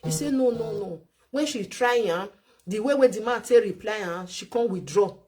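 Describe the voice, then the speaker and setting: A woman's voice: medium pitch, animated, normal speed, a little mellow. A woman with a Nigerian Pidgin accent giving relationship advice in chatty, lecturing commentary, repeating points for emphasis. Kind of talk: casual commentary.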